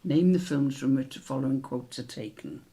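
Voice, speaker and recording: A man with a British accent hosting a quiz, reading each question slowly and repeating it, with chatty asides in between. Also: mid-range voice, warm tone, husky. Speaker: quiz host.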